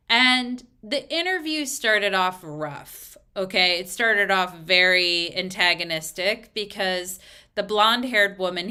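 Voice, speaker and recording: A woman's voice: mid-range voice, pushed and bright, clean tone. A woman astrologer talking casually as she explains a chart, full of fillers and asides. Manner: chatty, frequent fillers, explaining step by step.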